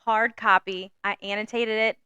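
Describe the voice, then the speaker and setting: A woman's voice: medium pitch, little pitch movement, moderate pace, bright, forceful tone, clean tone, dry recording. A woman co-hosting a book podcast in casual chat, laid-back and giggly, swearing freely. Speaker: podcast co-host. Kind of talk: casual chat about a novel.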